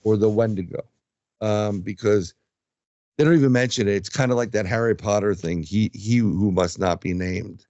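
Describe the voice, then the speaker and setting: In dull, echo-free audio, a man with a fairly low pitch talks at a moderate pace about his paranormal investigations. It's a casual interview, and he tells it with animation, acting out the lines of people he met.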